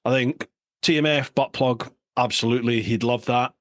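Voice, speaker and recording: Bantering British podcast host, dry sound. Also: male voice, mid-range voice, steady tone, normal speed, a bit bright, no room sound. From United Kingdom. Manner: banterous, laughs often. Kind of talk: casual chat, reading out listener questions.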